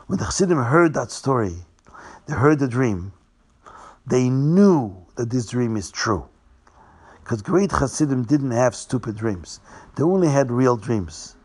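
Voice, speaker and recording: A man telling a Hasidic tale, restating names and slowing down for drama. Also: medium pitch, animated, darkish tone, breathy edge. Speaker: storyteller.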